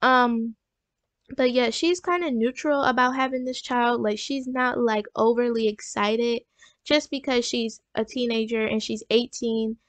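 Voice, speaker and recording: Chatty woman with a high-ish voice. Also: steady tone, a little slow, no room sound. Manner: rambling, full of fillers like "like" and "and stuff". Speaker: gaming channel host. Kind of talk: casual let's-play narration.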